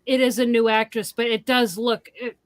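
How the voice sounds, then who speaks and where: A woman's voice: fairly high pitch, flat delivery. A woman co-hosting a horror review podcast, reading out listener questions in a casual way. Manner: unhurried, reads listener questions. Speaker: podcast co-host.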